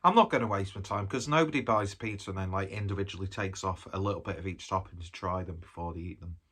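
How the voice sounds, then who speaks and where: A man talks his way through a pizza review in a loose, rambling style, eating as he goes. His voice sits low and deep. It has a husky, slightly rough texture. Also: fast talker, a bit bright. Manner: rambling and chatty, talking while eating. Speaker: food reviewer. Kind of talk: casual food review vlog.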